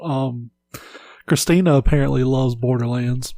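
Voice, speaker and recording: A man's voice: mid-range voice, normal speed, warm tone, no room sound. Laid-back man hosting a podcast. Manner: laid-back, rambling storytelling with frequent "uh" and "like". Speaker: podcast host. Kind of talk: casual chat.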